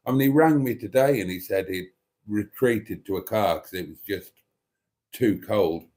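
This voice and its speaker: A man's voice: fairly low pitch, moderate pace, darkish tone. A man hosts a casual livestream, chatting and rambling with many ums and restarts as he reads out viewer comments. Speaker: YouTube channel host.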